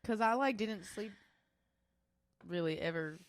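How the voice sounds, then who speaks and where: A young woman co-hosting a podcast, chatting casually with quick, expressive reactions. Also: mid-range voice, no echo. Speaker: podcast co-host. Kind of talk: casual chat.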